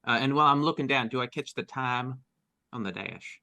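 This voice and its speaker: A man's voice: medium pitch, brisk, gravelly, bright, forceful tone, dry recording. A man playing a tabletop horror game, stammering as he speaks in character. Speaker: player. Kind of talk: casual tabletop play.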